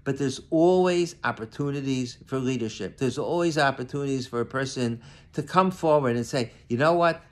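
A man's voice: medium pitch, normal speed. An older man, a rabbi, giving an earnest conversational sermon to his congregation, reading verses and then explaining them. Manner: earnest, conversational with many restarts, reads Hebrew verses then translates.

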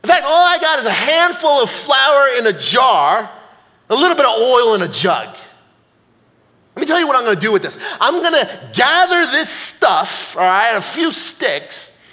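A man voicing a tough, defiant widowed woman with a brash New Jersey accent, talking rough and streetwise. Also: very high-pitched, big pitch swings, moderate pace, sharp tone, pitched above the performer's own voice, full character voice. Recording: long hall reverb, church sanctuary.

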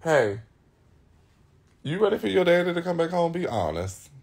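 A man's voice: a little high, big pitch swings, normal speed, creaky, a little mellow. A man hosting a live stream, talking casually to his viewers in a blunt, profane and rambling way.

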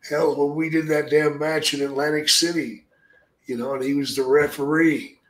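An older man swaps war stories with a blunt, profane edge, swearing freely as he talks. His voice sits fairly high for a man. It rings out in a roomy, echoing room. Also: fairly even intonation. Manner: blunt, heavy swearing, drawn-out storytelling. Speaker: guest, retired wrestler. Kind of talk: profane storytelling. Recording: roomy echo.

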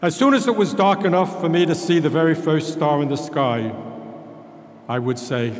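A man's voice: on the high side, moderate pace. An older man, a priest, preaching a sermon in a folksy storytelling manner. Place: large church. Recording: echoey church with long reverb.

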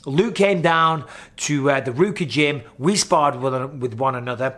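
Blunt, chatty man, slightly high voice. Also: unhurried, a bit bright. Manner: blunt, swears freely, chatty storytelling. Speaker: host, former fighter. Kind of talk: casual commentary vlog.

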